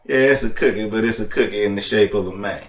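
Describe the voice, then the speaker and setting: A man's voice: lowish voice, quick pace. A man hosting a casual monologue, talking emphatically and preachily and repeating his phrases for weight. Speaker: podcast host. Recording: echoey room, distant mic.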